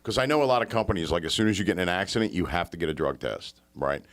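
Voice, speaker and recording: A man with a very low voice talks bluntly in casual podcast chat, swearing and asking pointed questions. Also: lively intonation, racing, fairly bright tone. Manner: blunt, profane, asks questions.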